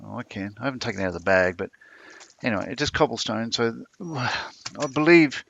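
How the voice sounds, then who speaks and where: A man's voice: medium pitch, lively intonation, fairly quick, gravelly, fairly bright tone, a little hiss or hum. A man hosting a casual video call chat, joking and rambling with lots of fillers. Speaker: host, model maker.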